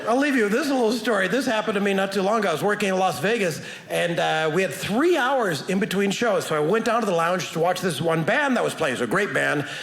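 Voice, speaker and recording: A middle-aged man doing a stand-up comedy set on a theater stage, telling animated stories and acting out other people's lines. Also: sits high, quick pace, vocal fry, hardly any pauses. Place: theater stage before a live audience. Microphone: stage microphone. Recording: roomy stage sound with audience laughter.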